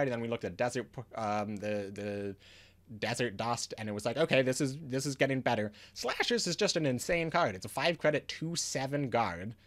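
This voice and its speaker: Frustrated man ranting about card design. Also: mid-range voice. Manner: frustrated ranting, many restarts. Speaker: card game reviewer. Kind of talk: casual video commentary.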